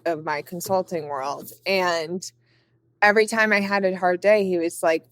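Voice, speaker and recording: A woman's voice: lowish voice, fairly even intonation, moderate pace, no echo. A young woman talking casually as a podcast guest, filling her sentences with "like" as she reflects on her path. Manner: chatty, many "like" fillers. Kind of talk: casual conversation.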